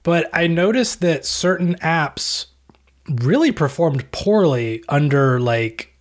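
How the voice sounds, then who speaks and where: A man co-hosting a podcast in casual chat, telling a travel story with deadpan jokes and a rambling manner. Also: on the high side, takes it slowly. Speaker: podcast co-host.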